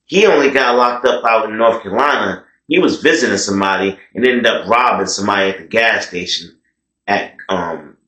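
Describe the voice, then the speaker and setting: A man's voice: lowish voice, sharp tone. A man narrating a story casually in slang, often calling his listeners y'all. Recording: echoey room.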